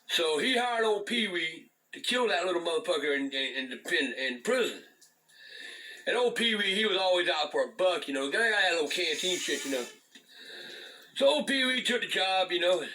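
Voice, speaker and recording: High, bright-voiced older man, swearing. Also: rough recording. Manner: swears constantly, repeats and restarts words. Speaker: storyteller, channel host. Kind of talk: profane rambling storytelling.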